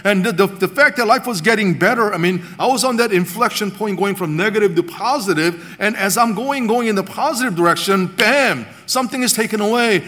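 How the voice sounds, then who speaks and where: A man preaching a sermon, retelling a Bible story with animated storytelling and voicing the characters. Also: high voice, a little fast, hardly any pauses. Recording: long hall reverb.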